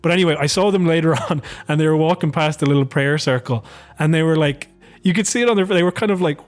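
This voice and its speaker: A man co-hosting a podcast, telling stories in a rambling, sweary, animated way. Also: fairly high pitch, quick pace. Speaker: podcast co-host. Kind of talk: casual political chat.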